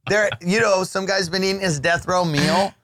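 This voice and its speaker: A man's voice: high voice, steady tone, normal speed, a bit bright, no echo, studio quality. A man co-hosting a podcast, telling a rambling comic story with swearing and playful put-on voices. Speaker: podcast co-host. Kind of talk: casual comedic podcast chat.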